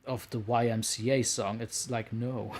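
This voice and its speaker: A man's voice: mid-range voice, flat delivery, unhurried, a little mellow, slight background noise. A man hosting a live stream, chatting casually and laughing at himself. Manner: laughs often, self-mocking. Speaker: stream host.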